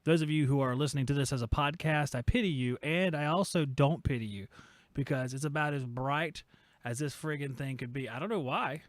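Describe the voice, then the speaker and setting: A man's voice: mid-range voice, a little fast, dry recording. A man hosting a casual livestream podcast, jokey and rambling with self-mocking asides. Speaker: podcast host.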